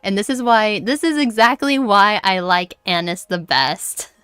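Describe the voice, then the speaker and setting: A woman's voice: mid-range voice, a little slow, fairly bright tone, clear, resonant tone, dry recording. A woman streamer chatting casually during a game, giggly and apologetic, talking close to her mic. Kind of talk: casual gaming livestream chat. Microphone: close desk mic.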